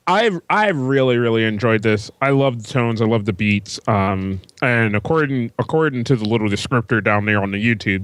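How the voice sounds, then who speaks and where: A man's voice: lowish voice, a bit bright, no echo. A man co-hosting a music podcast, chatting casually and enthusiastically, swearing freely. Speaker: podcast co-host. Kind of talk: casual chat about music.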